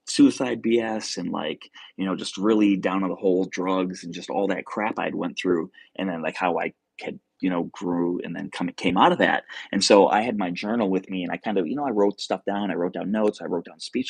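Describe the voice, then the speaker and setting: Low, gravelly man rambling through a story. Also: no echo. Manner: rambling, filler-heavy storytelling with many restarts; reads viewer comments aloud. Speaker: livestream host. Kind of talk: casual livestream storytelling.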